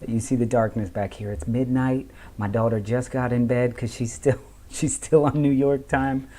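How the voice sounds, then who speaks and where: A man guesting on a podcast, talking quietly in a hushed, low-key way, casual and laughing. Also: steady tone, normal speed. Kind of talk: casual chat.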